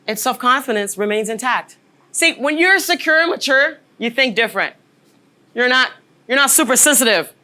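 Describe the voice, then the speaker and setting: A woman's voice: fairly high pitch, animated, normal speed, bright, forceful tone. A woman in her forties giving a motivational workshop talk as a leadership trainer, emphatic and often checking in with "right?". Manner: emphatic, keeps asking "right?" to the audience.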